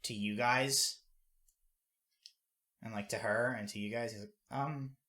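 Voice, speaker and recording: A man's voice: lowish voice, fairly even intonation, a little slow, pushed and bright. A man narrating as game master of a tabletop role-playing game, casual with lots of fillers. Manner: casual, many fillers and restarts.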